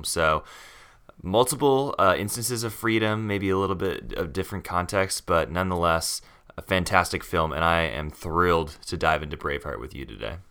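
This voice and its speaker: A man with a very low but bright, forceful voice co-hosts a podcast. He is friendly and enthusiastic and pokes fun at himself. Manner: friendly, self-deprecating, enthusiastic. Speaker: podcast co-host. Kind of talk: casual podcast discussion.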